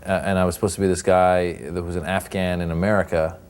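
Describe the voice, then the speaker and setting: A man's voice: deep voice, quick pace, clear, resonant tone. A comedian and actor in his thirties, born in Iran, chatting casually in an interview and acting out voices as he tells stories. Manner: animated storyteller who acts out voices.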